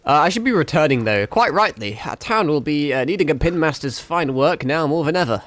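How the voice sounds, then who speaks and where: A man's voice: fairly high pitch, lively intonation, brisk, fairly bright tone, voice pushed up. A young man reading the lines of a courtly, old-fashioned male bug craftsman from a game, in formal archaic speech.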